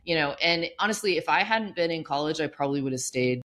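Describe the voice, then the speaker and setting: A woman's voice: sits low, expressive, quick pace, a bit bright. A woman cohosting a podcast, telling stories in a rambling, casual way, full of "like" and "you know". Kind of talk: casual storytelling chat.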